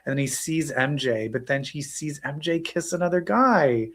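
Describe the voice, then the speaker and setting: Excited, profane gay man co-hosting. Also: on the high side, normal speed. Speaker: podcast co-host. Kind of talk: casual chat.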